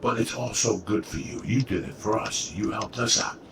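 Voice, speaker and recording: Male comic, low voice, spins lively stories in casual talk; recorded far off in a noisy room. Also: normal speed, creaky, echoey room. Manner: animated storyteller, acts out quotes. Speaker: comedian guest. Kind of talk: casual podcast chat, storytelling.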